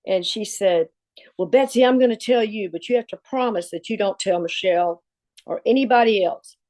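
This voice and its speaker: Lively woman telling a story. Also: mid-range voice, normal speed. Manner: lively, acts out quoted voices. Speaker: former assistant coach. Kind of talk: storytelling anecdote.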